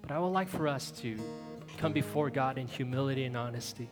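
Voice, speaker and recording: A man's voice: medium pitch, a little fast. A man preaching a sermon as pastor, earnest and pleading, leading the church in prayer. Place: church hall. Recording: long reverb with soft guitar music behind.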